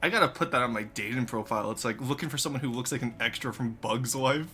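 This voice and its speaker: Talking at a quick pace in a medium-pitched voice, this live streamer chats casually with viewers. Soft music plays in the background as the streamer gets excitable, curses freely and bursts into loud laughing fits.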